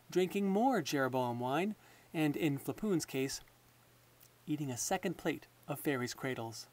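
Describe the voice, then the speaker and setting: A man reading a children's novel aloud as audiobook narration, in a measured storytelling manner. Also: fairly high pitch. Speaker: audiobook reader.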